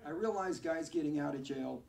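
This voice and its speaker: A male stand-up comedian telling self-mocking, deadpan one-liners on a club stage. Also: a little high, normal speed, creaky. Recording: echoey club, far from mic, crowd.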